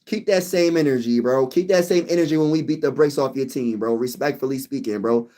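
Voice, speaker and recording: A young man hosting a casual sports livestream, chatting with viewers in hyped, animated fan banter. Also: mid-range voice, fairly quick. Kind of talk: casual livestream chat reading comments.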